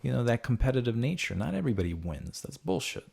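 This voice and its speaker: A young man hosting a casual podcast chat, swearing freely and getting animated as he makes his points. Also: fast, gravelly, breathy edge. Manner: animated, swearing freely, jumps into high mocking voices when quoting. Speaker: podcast host.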